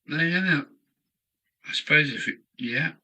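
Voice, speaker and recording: A man's voice: on the high side, unhurried, sharp tone, poor audio. An older man from England, musing aloud to himself in a rambling live-stream chat from his home hobby room. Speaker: model railway streamer.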